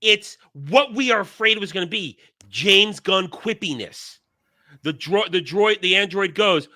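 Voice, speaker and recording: A man hosts a casual podcast chat and rants bluntly, swearing freely. His voice sits fairly high and sounds very bright and forceful. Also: expressive, a little slow. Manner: blunt, profane ranting. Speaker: show host.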